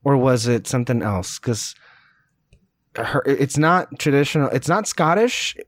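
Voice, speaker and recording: A man's voice: medium pitch, lively intonation, measured pace, no room sound. A man co-hosting a podcast, talking in a hesitant way with many fillers and self-corrections. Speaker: podcast co-host. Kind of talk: casual chat.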